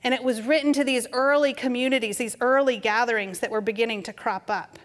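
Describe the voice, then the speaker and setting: Speaking in a steady tone and at a fairly quick clip, yet gently and without hurry, a middle-aged female preacher shares stories that build toward her sermon's message in a conversational way. Her somewhat high voice echoes with long reverb, as though in a big church hall.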